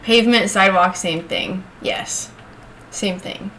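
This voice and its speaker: A woman hosts a casual craft livestream, chatting with viewers, reading chat aloud and laughing often as she works. Her voice is medium-pitched, a bit bright and a little slow.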